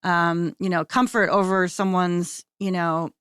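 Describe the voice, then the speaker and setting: A woman's voice: fairly low pitch, little pitch movement, measured pace, a bit bright, clean tone, dry recording, clean studio sound. A woman co-hosting a comedy podcast in casual chat. She rambles through her thoughts and interrupts herself, tagging lines with "okay?". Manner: rambling, self-interrupting, keeps asking "okay?". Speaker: podcast co-host.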